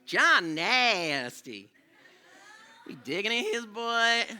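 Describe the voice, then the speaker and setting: A man putting on a shrill indignant schoolgirl. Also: big pitch swings, sharp tone, a little hiss or hum, exaggerated voice. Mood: disgusted. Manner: drawn-out, high mocking drawl. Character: schoolgirl tattling on a classmate, indignant.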